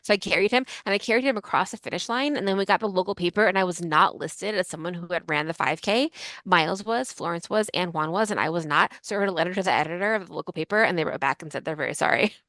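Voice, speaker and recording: Woman in her 40s, podcast co-host, quick rambling chatter, lowish voice, dry close sound. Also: a bit bright, dry recording. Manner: fast, rambling storyteller. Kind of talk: casual chat. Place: Yucca Valley.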